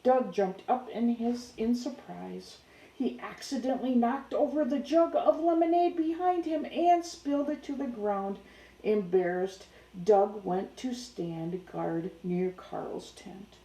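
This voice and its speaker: A woman's voice: a little high, slow, dark tone, echoey room, rough recording. A young woman reading a children's picture book aloud, who keeps breaking off to chat playfully with her dog.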